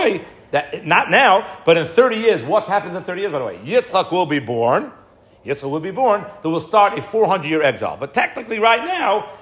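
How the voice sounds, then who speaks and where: Male Torah teacher, fairly high voice, animated, quizzes himself as he lectures. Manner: animated, asks and answers his own questions.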